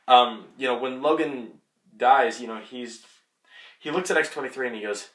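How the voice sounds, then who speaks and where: A young man giving a casual, rambling movie spoiler review as a vlogger, excitable and full of fillers. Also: mid-range voice, moderate pace. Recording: echoey room.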